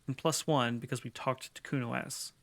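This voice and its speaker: A man's voice: mid-range voice, fairly even intonation, moderate pace, vocal fry. A man giving casual, hesitant gameplay commentary, thinking aloud as he streams.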